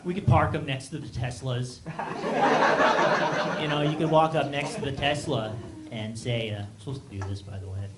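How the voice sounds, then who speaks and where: A man doing a stand-up set on a small theater stage, talking haltingly with many ums and restarts. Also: medium pitch. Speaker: stand-up comedian. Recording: echoey room, loud background noise. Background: audience laughter.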